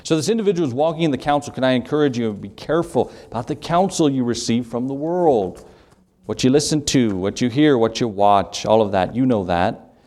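A preacher delivers an emphatic sermon. His voice sits at a middle pitch. He reads scripture aloud and presses his points with rhetorical questions. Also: brisk, a little mellow. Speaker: pastor.

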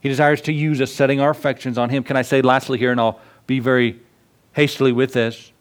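A man's voice: medium pitch, flat delivery, fast. A middle-aged male pastor preaching a sermon in an earnest, conversational way, asking the listeners rhetorical questions.

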